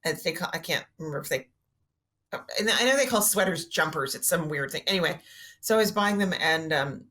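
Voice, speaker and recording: A woman with a bright, forward voice whose pitch jumps around constantly. She tells self-mocking comic stories in a lively podcast chat. She keeps slipping into little character voices as she goes. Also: a little fast. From Canada. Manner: animated, self-mocking, acts out voices in anecdotes. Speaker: guest co-host. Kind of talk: comedic storytelling chat.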